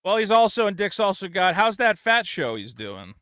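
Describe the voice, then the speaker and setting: A man hosting a call-in podcast, talking in a loud, profane, ranting way on a close studio mic. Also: high voice, sing-song, moderate pace, no echo. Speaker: podcast host. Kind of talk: casual call-in chat.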